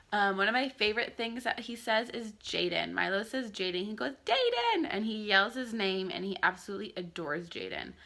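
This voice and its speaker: A young woman talks casually to the camera from her home, rambling with plenty of ums and likes. Her voice is bright and carries a gravelly fry, sitting a little low for a woman. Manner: chatty, with many ums and likes. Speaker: vlogger and mother. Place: home, indoors.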